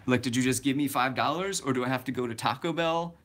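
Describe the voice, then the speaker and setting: A man's voice: medium pitch, fast, a bit bright. A man in his twenties chatting casually on a livestream, rambling with many fillers and restarts. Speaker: vlogger.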